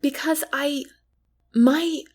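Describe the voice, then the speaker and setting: A woman voicing a thoughtful, guarded young queen in an audiobook, formal and measured. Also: high-pitched, fairly even intonation, pitched above the performer's own voice. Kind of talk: audiobook character reading.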